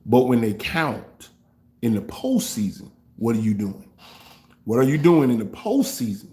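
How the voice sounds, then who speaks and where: A man hosting a fan reaction show, trash-talking rival fans in a loose, animated way. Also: medium pitch, measured pace. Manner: trash-talking, animated, African American Vernacular English grammar. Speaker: sports fan show host.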